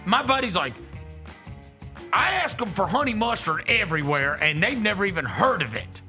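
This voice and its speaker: Man, sports talk host, lively pitch, gravelly edge, bright tone, faint music. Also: moderate pace. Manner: animated, teasing, acts out quotes. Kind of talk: casual sports talk chat.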